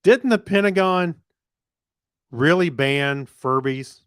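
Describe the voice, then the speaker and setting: A man co-hosting a podcast, chatting casually with quick asides and restarts. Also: fairly high pitch, a bit bright, clear, resonant tone, dry recording, clean studio sound. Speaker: podcast co-host. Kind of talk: casual tech news chat.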